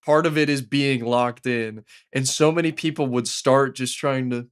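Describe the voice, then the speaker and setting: A man's voice: mid-range voice, fairly even intonation, moderate pace, clean tone. A young man co-hosting a podcast over a call from home, joking along and chiming in playfully. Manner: playful, chimes in with jokes and agreement. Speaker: podcast co-host. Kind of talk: casual chat.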